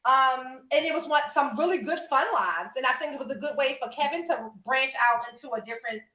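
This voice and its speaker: Animated high-voiced woman telling stories. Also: brisk, reverberant. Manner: animated, laughing, addresses listeners as y'all. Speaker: podcast host. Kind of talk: casual storytelling chat.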